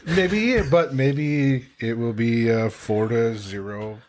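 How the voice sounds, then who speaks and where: A man's voice: medium pitch, takes it slowly, darkish tone, a little hiss or hum. A man co-hosting a casual podcast chat, rambling and trailing off as he tells stories. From Wisconsin. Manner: rambling, trails off, laughs easily. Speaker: podcast co-host.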